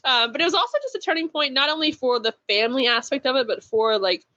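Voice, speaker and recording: A woman's voice: high voice, animated, quick pace, pushed and bright, muffled recording. A woman author, a guest on a podcast, talking casually with lots of fillers and frequent laughter. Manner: chatty, filler-heavy, laughs often.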